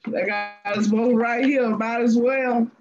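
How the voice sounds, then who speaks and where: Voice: mid-range voice, fairly even intonation, measured pace. A host chatting casually in an easygoing, drawling way. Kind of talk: casual chat. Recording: dull lo-fi sound, faint noise.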